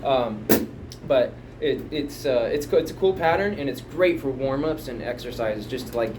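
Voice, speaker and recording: A man's voice: medium pitch, moderate pace, heavy background noise. A man casually explaining a drum pattern, rambling and chatty, counting beats aloud at home. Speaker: drum teacher. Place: home music room. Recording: home room, mic picking up loud drum kit from a distance.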